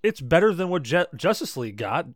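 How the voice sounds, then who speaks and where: Tipsy, excitable man on a podcast. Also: a little high, a little fast, no room sound, clean studio sound. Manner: loud, excitable, repeats himself. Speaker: podcast co-host. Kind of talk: casual chat.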